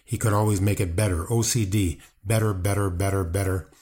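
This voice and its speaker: Older male guest, low-ish voice, gruff and profane, defensive rambling delivery. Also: steady tone, brisk, darkish tone. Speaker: wrestling guest, brother of the subject. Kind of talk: casual interview talk.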